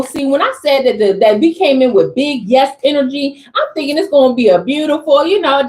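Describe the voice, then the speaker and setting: A woman doing a channeled tarot reading for her viewers, animated and exclamatory, in casual slangy speech. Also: sits high, rough recording. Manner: animated, exclamatory, talks straight to the audience. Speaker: tarot reader.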